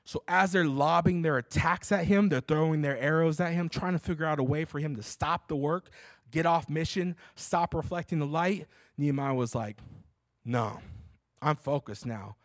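A male pastor delivers a conversational sermon, hammering his key points with emphatic repetition. His voice sits a little high, and he drops in casual asides. The sound is close and dry. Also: normal speed, dry recording.

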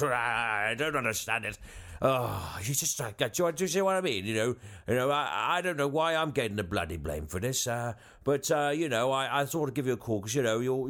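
A man puts on a bumbling prime minister who blusters down the phone, stumbling over his words and padding every thought with fillers. His pitch sits mid-range, and he pushes it well up whenever he gets flustered. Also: fairly bright tone, lightly acted. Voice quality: bumbling, rambling, full of filler. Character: blustering disgraced male prime minister, middle-aged. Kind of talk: comedy sketch phone call.

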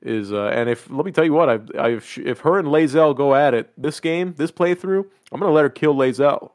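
A young man on a podcast, swearing freely as he tells an animated story from a video game. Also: a little high, a little fast, no echo, clean studio sound. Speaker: podcast host. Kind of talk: casual chat.

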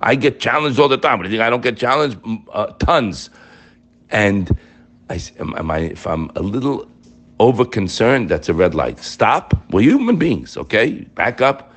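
At a normal pace, a religious teacher leads a spiritual lesson, his voice lively and swinging up and down. He reads and translates Hebrew with energy, pushing listeners with rhetorical questions.

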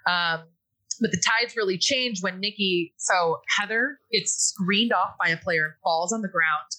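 A woman with a bright, clear-toned voice recaps a movie for her co-hosts in relaxed conversation. She is chatty, laughs easily and slips into quick impressions of the characters. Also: medium pitch, poor audio. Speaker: podcast host recapping a movie. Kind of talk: casual chat.

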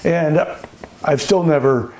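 An older man who owns a winery speaks slowly in a slightly high, warm voice, chatting through anecdotes in an oral history interview, laughing often and acting out the voices of people he quotes. There's slight background noise.

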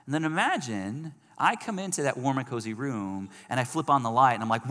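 A man preaching a sermon, animated and acting out quoted people in raised voices. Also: mid-range voice, a little fast, few pauses. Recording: long hall reverb.

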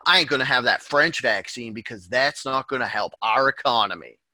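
A man's voice: mid-range voice, a little fast, sharp tone, dry recording. A man voicing a mock American patriot in a put-on American accent, an exaggerated parody. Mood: smug. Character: boastful male American patriot, mocked.

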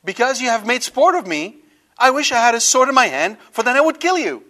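A man playing an enraged male prophet who threatens his donkey, speaking loudly and angrily. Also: very high-pitched, big pitch swings, a little fast, pitched above the performer's own voice, heavily acted. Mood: furious.

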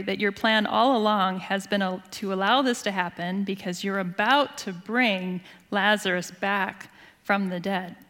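Preaching with a medium-pitched voice, this female pastor tells her sermon's stories with sincerity and feeling, softening almost to a whisper when things turn tender. The sound carries a long, hall-like reverb.

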